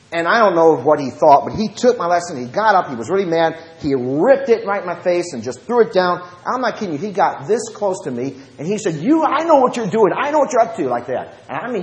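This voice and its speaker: Southern preacher telling lively stories. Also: male voice. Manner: lively anecdotes, shifts between fast and slow low talk. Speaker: preacher and Bible study teacher. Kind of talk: storytelling lesson. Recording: roomy echo.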